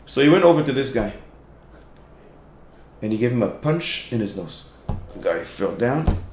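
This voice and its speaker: A man, a rabbi, giving a sermon told through lively stories, acting out the people in them. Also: mid-range voice, normal speed, echoey room, noisy background. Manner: animated storyteller, acts out quoted voices. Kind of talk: sermon with storytelling.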